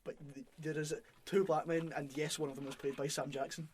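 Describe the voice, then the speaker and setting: A man's voice: on the high side, little pitch movement, a little fast, a little mellow, a little hiss or hum. A young Scottish man co-hosting a podcast, rambling in casual chat, laughing often and swearing. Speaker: podcast co-host.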